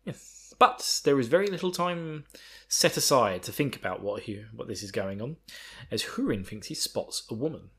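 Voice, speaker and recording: A man's voice: medium pitch, lively intonation, normal speed, fairly bright tone, breathy edge. A man hosting a podcast, rambling through a casual book recap with swearing and self-mockery. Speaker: podcast host.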